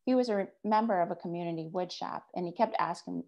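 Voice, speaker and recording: Woman, author reading her own story, measured pace, low voice, vocal fry. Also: lo-fi sound. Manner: measured first-person reading. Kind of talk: reading her fiction aloud.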